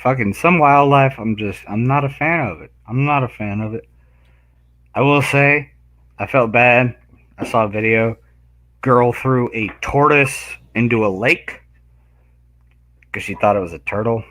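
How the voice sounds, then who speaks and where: A man in casual chat who tells animated stories, acting out voices and laughing loudly. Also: medium pitch, a little slow, long pauses. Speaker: guest.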